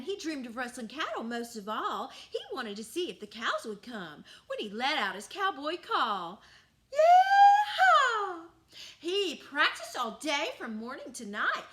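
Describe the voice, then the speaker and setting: A woman's voice: high-pitched, background noise. A woman music teacher telling a children's singing story and leading the listeners in call-and-response.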